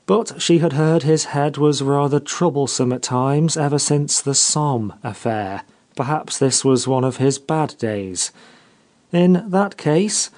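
Man reading a story aloud, mellow warm voice, measured and expressive, mid-pitched. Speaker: narrator.

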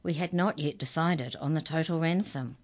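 A woman's voice: sits low, moderate pace, darkish tone. A woman voicing a stubborn, feisty girl in a children's storybook, defiant and unbending.

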